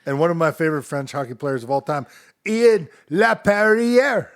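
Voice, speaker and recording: A man co-hosting a casual podcast, joking and teasing in quick banter. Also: medium pitch, dry recording, studio quality. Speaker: podcast co-host. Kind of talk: casual hockey chat.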